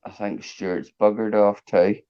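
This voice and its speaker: With a bass voice that barely moves in pitch, this unhurried co-host chats casually on a livestream, laughing often and sighing and groaning. The sound comes from a video call and is dull and lo-fi.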